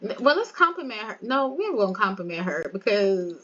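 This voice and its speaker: A woman's voice: mid-range voice, big pitch swings, a little fast, a bit bright, dull audio. Chatty, giggly woman narrating a game. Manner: chatty, giggly, addresses viewers. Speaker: game video creator. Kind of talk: casual gameplay commentary.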